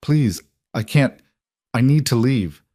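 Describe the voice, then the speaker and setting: A man's voice: medium pitch, lively intonation, takes it slowly, dark tone, dry recording, studio quality, voice pushed up. A man voicing a guilt-ridden older mother whose voice shakes and breaks. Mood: distraught. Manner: shaky, breaking voice.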